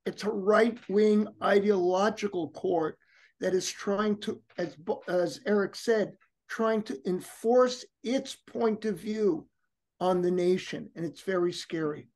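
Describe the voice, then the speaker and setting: A co-host of a political talk show with a mid-range voice. This voice speaks in a measured, emphatic way, leaning on each point. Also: mid-range voice, darkish tone.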